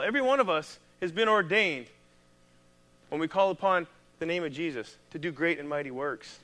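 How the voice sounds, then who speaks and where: Speaking quickly and a bit high, a Midwestern American pastor delivers a lively sermon. His tone stays conversational throughout.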